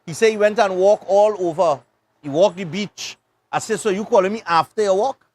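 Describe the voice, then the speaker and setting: A man's voice: sits high, moderate pace, a little mellow. A man with a Trinidadian accent, hosting a live morning show and telling a rambling story in casual dialect. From Trinidad and Tobago. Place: beach club.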